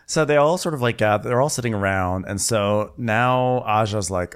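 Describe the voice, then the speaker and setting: Dry-humored man recapping a show. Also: smooth. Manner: dry, drops into low slow impressions of cast members. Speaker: podcast co-host recapping a reality show. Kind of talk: comedic recap chat with impressions.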